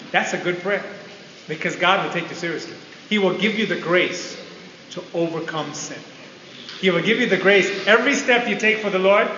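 A man's voice: high voice, bright, forceful tone. A man preaching a sermon to an audience in a large hall, emphatic and repeating key phrases, on a dull lo-fi recording with faint hiss.

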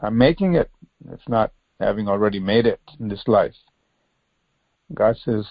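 A man's voice: mid-range voice, very animated, normal speed, breathy edge, dry recording, highs cut off. A man preaching a devotional sermon, earnest and pleading, full of rhetorical questions.

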